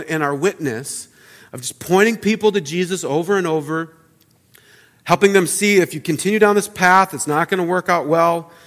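Earnest pastor preaching in a reverberant church. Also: male voice. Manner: earnest, repeats words, drops to quiet low emphasis. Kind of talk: sermon. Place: church sanctuary.

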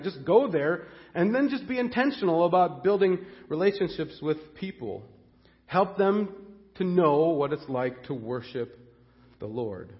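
A man preaching a sermon as pastor, earnest and excitable, often repeating the first words of a phrase as he goes. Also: a little high, long reverb tail, muffled recording.

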